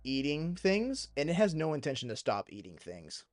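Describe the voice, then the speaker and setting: A man's voice: a little high, normal speed, soft background music. Young man narrating a horror tabletop game. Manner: vivid, animated description. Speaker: game master.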